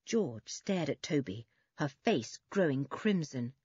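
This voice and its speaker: Animated, breathy woman storyteller. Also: low voice, slow, no room sound, dull audio. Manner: expressive, animated reading. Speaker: audiobook narrator. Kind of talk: scripted children's story narration.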